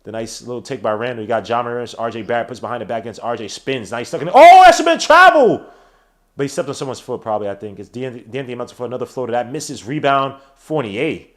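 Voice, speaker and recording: With a mid-range voice racing along and hardly pausing, this podcast host does play-by-play of a basketball game during a live watch-along. He talks in excited slang and bursts into shouts on big plays.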